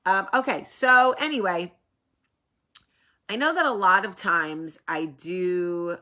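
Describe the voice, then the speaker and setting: A woman hosting a casual vlog, talking to camera in a rambling, animated way, with a sore, swollen face after dental work. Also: on the low side, takes it slowly. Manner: chatty, rambling, animated asides. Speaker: vlog host.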